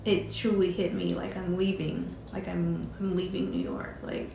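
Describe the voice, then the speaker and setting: A middle-aged woman telling a personal story, halting and emotional, with many fillers and restarts. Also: on the low side, flat delivery, vocal fry, warm tone, roomy sound, a little hiss or hum. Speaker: vlogger telling her story.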